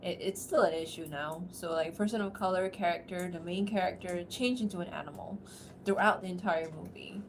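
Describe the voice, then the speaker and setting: A woman streamer from outside America chatting casually on a livestream, talking in quick asides and laughing often. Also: fairly low pitch, a little hiss or hum. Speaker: streamer and voice actor.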